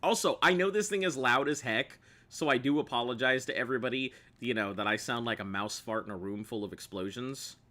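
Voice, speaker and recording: A man's voice: mid-range voice, a little fast, hardly any pauses, bright, forceful tone. A man streaming gameplay, joking playfully with his viewers and laughing often. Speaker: game streamer. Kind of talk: gameplay commentary chatting with viewers.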